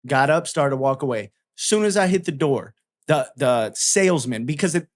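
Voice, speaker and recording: A man's voice: mid-range voice, animated, moderate pace. A man telling a story in casual chat, swearing freely and acting out both sides of a heated argument.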